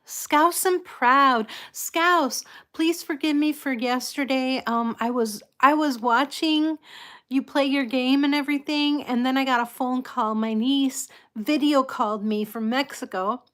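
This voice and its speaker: A woman hosting a casual live chat with her viewers, soft-spoken and apologetic, greeting people and laughing often. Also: sits high, fairly even intonation, moderate pace. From United States. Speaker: livestream host.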